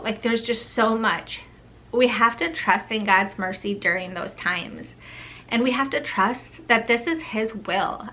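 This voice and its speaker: A woman's voice: fairly high pitch, pushed and bright. A woman in her thirties telling personal faith stories to her viewers in an earnest, heartfelt, chatty way, with a lot of "like"s. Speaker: faith vlogger. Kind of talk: personal storytelling to camera.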